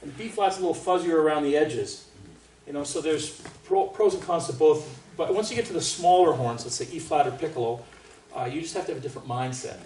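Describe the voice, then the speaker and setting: A man, a trumpet soloist, teaching a master class in an animated, chatty way and laughing often. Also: on the high side, fairly quick. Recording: roomy hall from far off, faint noise.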